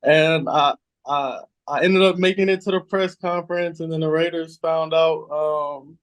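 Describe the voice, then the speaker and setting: A man's voice: fairly high pitch, steady tone, measured pace. A man in his thirties from the San Francisco Bay Area, casually telling stories in an interview. He repeats words as he goes and acts out the quoted voices. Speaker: guest, former pro football player.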